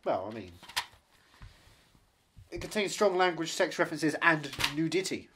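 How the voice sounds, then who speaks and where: A man co-hosting a film podcast, chatting casually and firing off rapid puns. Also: a little high, big pitch swings, background noise. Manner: jokey, rapid-fire puns and quips. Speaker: podcast co-host. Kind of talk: casual chat.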